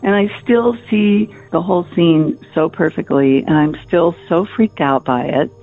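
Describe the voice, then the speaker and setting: A woman in her fifties tells her story down a tinny phone line. She talks in a chatty, animated way, with nervous laughs along the way. Her voice has a gravelly grain, with faint music behind her. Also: lowish voice, unhurried. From Minnesota. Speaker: caller.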